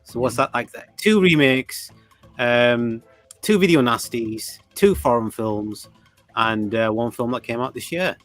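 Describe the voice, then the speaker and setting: Casting note: man, casual stream co-host, chatty greetings, mid-pitched, faint music behind. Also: lively intonation, a bit bright. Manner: chatty, greets viewers, quick bursts. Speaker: livestream co-host. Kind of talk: casual livestream chat reading viewer comments.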